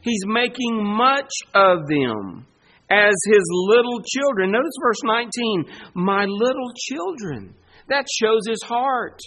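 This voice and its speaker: High-voiced preacher delivering a sermon. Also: male voice, big pitch swings, takes it slowly, sharp tone, poor audio. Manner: emphatic preaching, rising and falling in force. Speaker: pastor.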